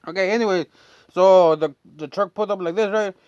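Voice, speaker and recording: A man's voice: sits high, a little fast, darkish tone, clean tone, no room sound, dull audio. A man telling a long, rambling, profane story from his neighborhood in a casual chat, full of fillers. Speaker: storyteller and channel host.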